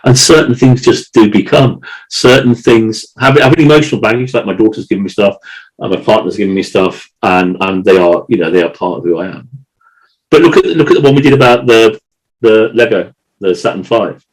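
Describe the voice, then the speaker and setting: Male podcast co-host, low voice, emotional and rambling, lots of restarts and repeats. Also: brisk, poor audio. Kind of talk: casual chat.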